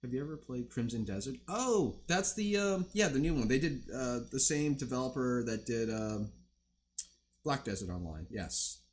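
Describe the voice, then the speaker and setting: This young livestream host has an expressive mid-range voice and talks at a normal speed, with slight background noise in the clip. His casual chat with viewers is rambling, profane, and heavy on fillers.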